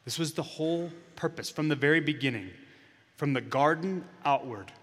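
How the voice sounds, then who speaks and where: A man preaching a sermon as a pastor, telling the story dramatically and acting out lines, dropping to a hush and then rising loud. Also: on the high side, moderate pace, long reverb tail. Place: church hall.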